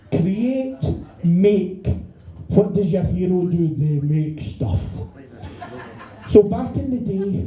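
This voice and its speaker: A middle-aged Scottish comedian rants through a stand-up set, firing off exasperated questions and swearing freely. His voice sits high yet sounds dark and heavy. The sound bounces around an echoey bar room. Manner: profane ranting, exasperated rhetorical questions. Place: small bar venue stage.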